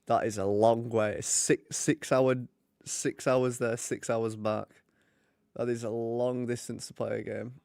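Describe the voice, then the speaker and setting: Brief: young male streamer, joking banter, middle pitch, dry unroomy mic. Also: flat delivery, unhurried, vocal fry, darkish tone, clear, resonant tone, no echo. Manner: chatty, joking. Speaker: streamer hosting a hockey watch party. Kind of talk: casual live commentary and chat.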